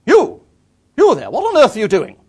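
A bellowing, bossy countrywoman of middle age, as a male storyteller puts her on, her voice pitched up high and swinging. She barks brisk commands and leaves no room for argument. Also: huge pitch swings, slightly rough, full character voice. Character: bossy, booming middle-aged English countrywoman.

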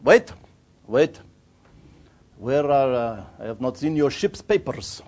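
A man's voice: mid-range voice, sing-song, slow, darkish tone. A man voicing a stubborn, fat, middle-aged male border official who speaks in curt, broken, insistent phrases.

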